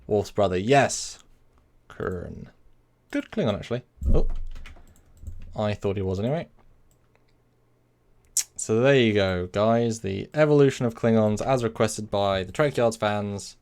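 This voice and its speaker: Clear and resonant, this man's fairly low, darkish voice anchors a casual live stream. He rambles, catches and corrects his own words, and reads viewers' chat aloud while answering.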